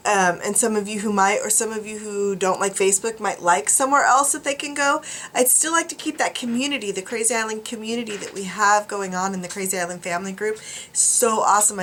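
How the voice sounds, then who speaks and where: A woman's voice: medium pitch, fairly bright tone, slight background noise. A drowsy woman vlogger rambling casually to her viewers, with many ums and restarts. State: tired, drowsy. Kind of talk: casual chat to camera. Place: home studio.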